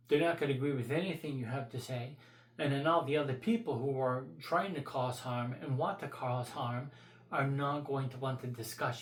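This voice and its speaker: A man's voice: fairly high pitch, echoey room. A man vlogging his opinions in a blunt, profane, rambling rant.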